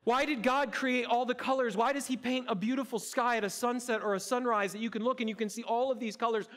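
A high-pitched male pastor delivers his sermon in a church auditorium. He's playful and interactive, talking straight to the people in the seats. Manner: playful, interactive, addresses congregation directly. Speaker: campus pastor.

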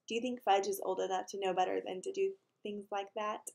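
A woman reading a children's chapter book aloud in an animated way, slowing for emphasis and putting questions to young listeners. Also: medium pitch, creaky. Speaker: reader.

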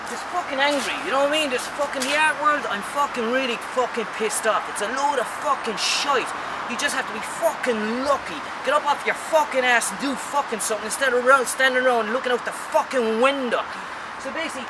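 A man's voice: very high-pitched, a little fast. Angry man ranting outdoors. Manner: angry, swears constantly, rambling. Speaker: artist. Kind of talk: profane rant to camera. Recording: distant voice, loud outdoor street traffic.

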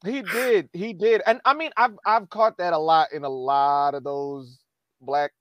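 A man chatting casually on a football podcast, laid-back and quick to laugh. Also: on the high side, crowd noise. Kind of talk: casual chat. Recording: dull dry sound.

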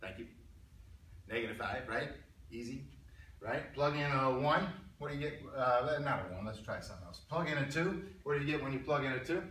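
Halting male teacher in an echoey classroom. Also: mid-range voice, lively intonation, a bit bright, recorded from a distance, a little hiss or hum. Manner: halting, repeats words, clears throat often; asks the class questions. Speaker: college algebra teacher. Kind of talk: classroom lecture.

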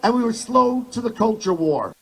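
A man's voice: extremely high pitch, big pitch swings, moderate pace, creaky, fairly bright tone, breathy edge, rough recording. A man speaking at a rally, building his points through repetition. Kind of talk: rally speech. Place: outdoor rally.

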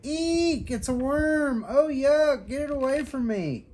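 A man voicing a young schoolgirl in a children's storybook, with a high, squeaky delivery. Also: expressive, moderate pace, dark tone, husky. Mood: squealing.

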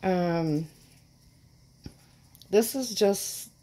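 A woman's voice: medium pitch, drawn-out words, warm tone. A woman hosting a casual unboxing vlog, gushing and stammering, choked up and close to tears. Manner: gushing, stammering, breaks off mid-sentence. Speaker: channel host.

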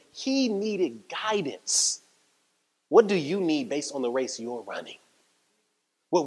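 A man's voice: sits high, husky. A man pastor, preaching a sermon with rising emphasis and repeated phrases. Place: church sanctuary. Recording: long hall reverb.

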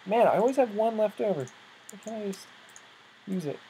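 A let's-play host giving casual commentary on their own gameplay, thinking out loud and startling easily. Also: mid-range voice, animated, normal speed, slight background noise, poor audio.

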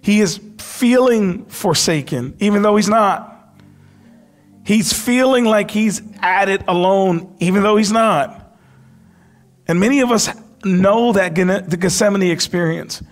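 A man preaching a sermon as pastor, impassioned, dropping to a hush when he quotes. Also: high-pitched, unhurried. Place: church sanctuary.

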